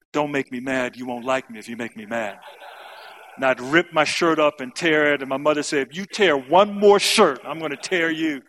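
A man's voice: fairly high pitch, fairly bright tone, low-quality recording. A middle-aged man from the United States, a camp speaker giving a personal testimony talk and briefly acting out the lines of people in his story.

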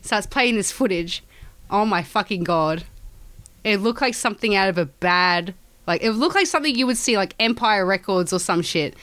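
Woman, Australian accent, thirties, casual chat, lively storytelling, swears freely. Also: mid-range voice, moderate pace. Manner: animated, acts out quoted voices, swears freely.

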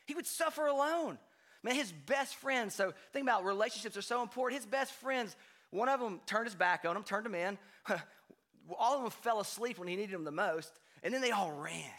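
A man preaching a sermon in a conversational way, often checking in with "right?" and swinging from hushed to loud. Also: high-pitched, normal speed. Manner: conversational, frequent "right?" asides, animated swings from quiet to loud. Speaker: pastor.

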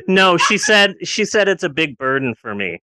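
A woman's voice: lowish voice, very animated, normal speed, pushed and bright, slight background noise. A woman in her forties chatting candidly on a podcast, rambling a little and restarting her sentences. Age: 40s. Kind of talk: casual podcast chat.

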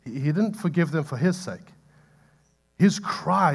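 A man preaching a sermon, swinging between loud impassioned pleading and soft asides to the congregation. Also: a little high, animated, measured pace, creaky, pauses often, husky. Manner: impassioned, building to loud pleading peaks then dropping soft. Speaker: pastor.

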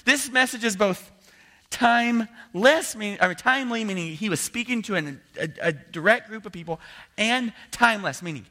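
A man's voice: sits high, moderate pace, bright, forceful tone. A man preaching a conversational sermon in a church, voicing his listeners' doubts in quotes. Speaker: pastor. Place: church building. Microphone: handheld mic.

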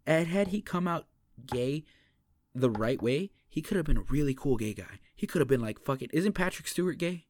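A man's voice: a little high, lively intonation, normal speed, darkish tone, no echo. A young man co-hosting a podcast in casual chat, rambling and swearing with lots of restarts. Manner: rambling, profane, restarts a lot. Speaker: podcast co-host.

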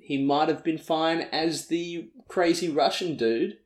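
A man's voice: fairly high pitch, measured pace, darkish tone, reverberant. A man co-hosting a podcast, recapping a film in casual chat with lots of fillers and restarts. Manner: rambling, filler-heavy recap with laughs. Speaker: podcast co-host.

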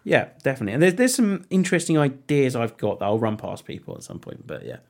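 A man's voice: medium pitch, sing-song, quick pace, creaky, darkish tone. A man co-hosting a casual podcast, chatty, repeating words and swearing now and then. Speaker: podcast co-host. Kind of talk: casual chat.

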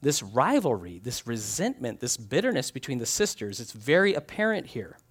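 Animated male preacher with a lively pitch. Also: moderate pace, breathy edge. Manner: animated storytelling, acting out little scenes. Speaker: pastor. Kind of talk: sermon with scripture reading.

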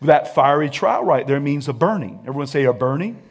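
A high-pitched man preaching a sermon. He calls on the congregation to repeat his words back to him. He drops to a hush, then rises to shouting. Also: lively intonation, brisk. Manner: preaching with call-and-response, swinging from hushed to shouting; sings and hums snatches of a song. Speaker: pastor.

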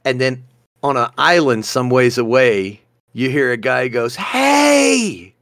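A man's voice: a little slow, clear, resonant tone, no echo, studio quality. A man co-hosting a casual podcast chat, telling stories animatedly and laughing often. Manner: animated storyteller, acts out quotes with loud high shouts. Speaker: podcast co-host.

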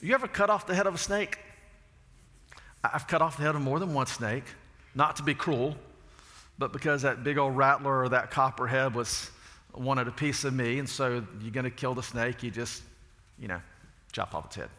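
A man's voice: mid-range voice, normal speed, sharp tone, in a large hall. A man preaching a sermon, telling folksy stories and asking rhetorical questions.

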